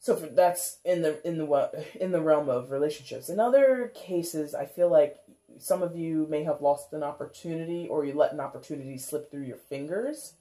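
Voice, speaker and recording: A tarot reader talks through a casual reading for viewers with a mellow, warm voice. The talk rambles, full of "like" and "kinda", with frequent laughs and playful act-outs of how viewers might feel. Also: mid-range voice, normal speed. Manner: laughs often, acts out viewers' reactions.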